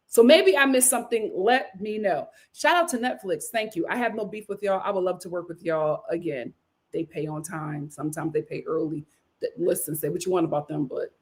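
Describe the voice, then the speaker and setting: A woman in her thirties giving casual live-stream commentary on a reality show, sassy and opinionated, laughing often. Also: fairly high pitch. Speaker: reality TV reviewer.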